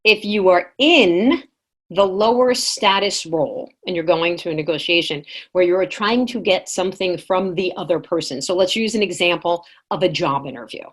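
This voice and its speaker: A woman presenting a live online workshop, lively and engaging, reading chat replies aloud to her audience. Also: on the low side, normal speed.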